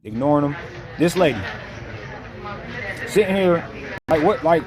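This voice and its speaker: A man's voice: fairly high pitch, brisk, long pauses, crowd noise. A man giving blunt, slangy, mocking reaction commentary over a video clip.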